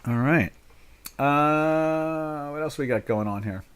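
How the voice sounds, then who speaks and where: Rambling older American trading host. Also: male voice, a little high, slow, clean tone. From United States. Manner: rambling, full of "you know" fillers and restarts. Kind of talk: live market commentary chat.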